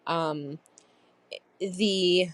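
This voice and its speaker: A woman's voice: on the low side, very slow, no room sound. A woman in her thirties hosting a personal diary podcast, reflective and rambling with many fillers. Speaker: podcast host.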